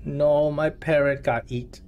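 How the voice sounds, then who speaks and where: A man's voice: fairly high pitch, steady tone, slow, darkish tone, muffled recording, a little hiss or hum. A man voicing a small kobold who speaks in broken, simple grammar. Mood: plain. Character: small timid male kobold ally.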